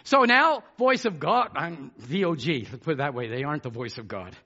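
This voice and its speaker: A man preaching a fiery sermon, fervent, swinging between shouted declarations and hushed asides. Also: a little high, animated, normal speed, lo-fi sound.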